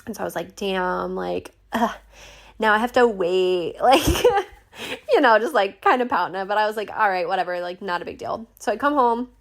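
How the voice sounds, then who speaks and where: Gravelly-voiced chatty young woman. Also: medium pitch, brisk, fairly bright tone. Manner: chatty, swears freely, many "like" fillers, acts out quoted voices. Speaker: podcast host. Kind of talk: casual storytelling monologue.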